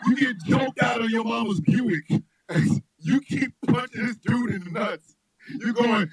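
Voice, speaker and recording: A man hosting a radio show, chatting loosely and telling comic stories, laughing often and shouting his punchlines. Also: very high-pitched, measured pace, breathy edge, no echo, poor audio. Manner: loud, laughing, animated storyteller who shouts punchlines. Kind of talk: loose comedic chat with storytelling.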